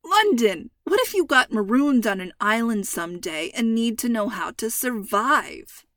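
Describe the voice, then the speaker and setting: An easygoing middle-aged father soothes and teases in a steady, good-humored voice. A woman reads his part in a storybook. The sound is dry and close. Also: a little high, measured pace, no room sound. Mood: playful. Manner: reassuring, playful. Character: calm joking father, middle-aged man.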